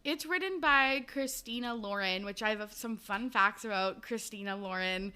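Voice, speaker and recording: A woman's voice: mid-range voice, normal speed, pushed and bright, smooth. A woman hosting a book podcast, chatty and casual, recapping a novel with a laugh and the odd swear. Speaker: podcast host.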